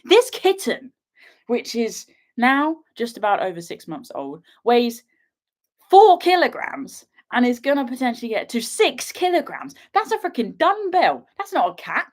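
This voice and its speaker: A young woman from England chats to her livestream viewers from a sofa at home, giggly and full of playful asides. Her pitch swings in a lively, animated way, and she sounds a little sniffly and tearful from an allergy. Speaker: outdoor vlogger hosting a livestream. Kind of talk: casual livestream chat to viewers. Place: sofa in her father's living room.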